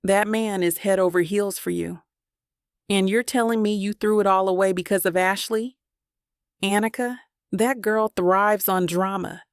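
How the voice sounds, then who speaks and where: A woman voicing an insistent adult woman friend who coaxes firmly and gently in an audiobook. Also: medium pitch, steady tone, a little slow, clear, resonant tone, no room sound, clean studio sound, close to an everyday voice. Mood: pleading. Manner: firm, coaxing.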